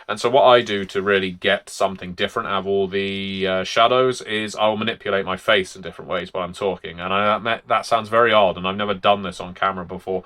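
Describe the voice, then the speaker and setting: A man's voice: sits low, pushed and bright. A man, a game master and host, explaining tabletop role-play tips in a chatty, demonstrative way.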